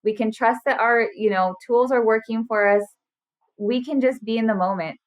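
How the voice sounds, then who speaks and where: A woman's voice: on the high side, normal speed, muffled recording. A woman in her thirties, a burnout specialist, talking earnestly and animatedly as a podcast guest. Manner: earnest, animated, acts out quotes. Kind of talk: casual interview chat.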